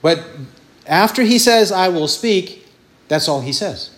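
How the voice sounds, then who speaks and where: Slow, high-voiced man preaching a sermon. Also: animated, a bit bright. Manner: emphatic, repeats lists of words for stress; asks questions and answers them himself.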